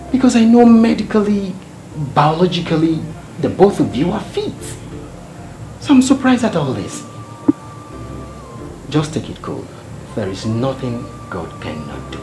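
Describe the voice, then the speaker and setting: A man's voice: on the high side, sing-song, unhurried, long pauses, darkish tone. A man with a Nigerian accent playing a doctor who consoles a patient and urges her to pray. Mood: reassuring. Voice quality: reassuring, preachy. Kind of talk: Nollywood film acting. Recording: roomy film sound with music.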